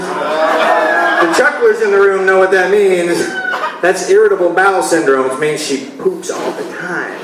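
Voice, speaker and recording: A man in his forties doing a loose, conversational stand-up routine and laughing at his own jokes. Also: on the high side. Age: 40s. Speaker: stand-up comedian. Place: comedy club stage. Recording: echoey live club from far off. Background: audience laughter.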